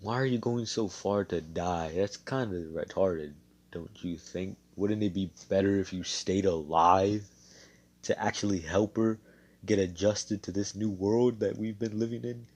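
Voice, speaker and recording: A man's voice: low voice, unhurried, a little mellow. A man voicing a brash, carefree young male hero in a casual, slangy way, improvising a fan story. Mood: exasperated. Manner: cocky, laid-back, slangy.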